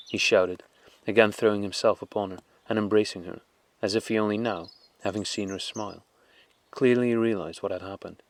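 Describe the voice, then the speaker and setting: A man narrating a classic novel as an audiobook in a measured, calm, unhurried way. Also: lowish voice.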